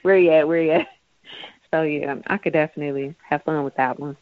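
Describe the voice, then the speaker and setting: Woman, casual chat, animated, laughing, tinny phone-like sound, dry. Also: sits low, a little fast, no room sound. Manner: animated, laughing, acts out voices.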